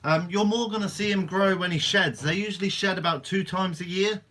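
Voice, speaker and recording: A young man hosts a casual live stream, reading out viewer questions and answering them in an easygoing, chatty way. His voice is bright and forward, sitting a little high for a man. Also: a little fast. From Guernsey, Channel Islands. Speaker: fishing channel host.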